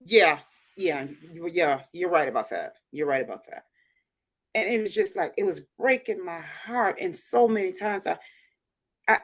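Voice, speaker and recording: A woman's voice: a little high, fairly bright tone. A woman hosting a casual livestream chat, talking emphatically and repeating phrases for stress. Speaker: show host reading viewer comments.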